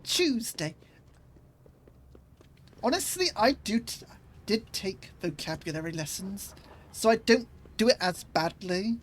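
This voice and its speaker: A woman's voice: mid-range voice, expressive, normal speed, rough recording. A woman from Bristol with a Bristolian accent, streaming a game with playful, self-mocking casual chat. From England. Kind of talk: casual gaming commentary.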